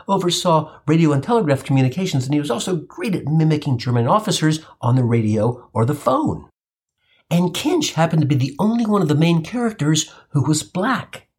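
Brief: husky irreverent male raconteur, animated pitch, cursing for laughs. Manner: irreverent, profane, wry asides. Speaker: storyteller. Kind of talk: comic personal storytelling.

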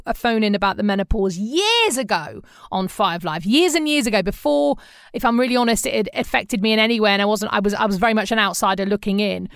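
A middle-aged woman hosting a podcast, telling candid stories in a lively, conversational way. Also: a little high, smooth, no echo, clean studio sound. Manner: candid, animated storytelling with quoted voices. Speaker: podcast host.

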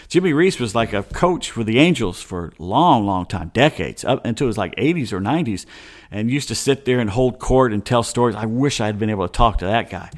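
A man's voice: on the low side, expressive, brisk. A man hosting a casual sports talk show, rambling through stories with wry, chatty asides.

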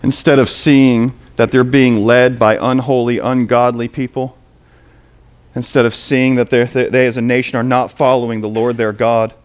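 A man preaching a sermon, moving between quiet asides and loud, emphatic points. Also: medium pitch, level tone, normal speed, smooth.

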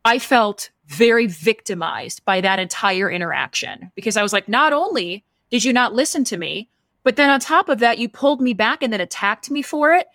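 A woman's voice: on the high side, normal speed, no room sound, studio quality. A woman in casual podcast talk, telling a story and acting out the dialogue with lots of energy. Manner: animated, acts out quoted dialogue.

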